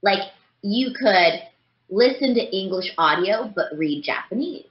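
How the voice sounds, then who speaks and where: Woman guest, rambling casual talk, low-ish voice, dull roomy recording. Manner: rambling, many "like" fillers. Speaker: voice actress guest. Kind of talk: casual interview chat.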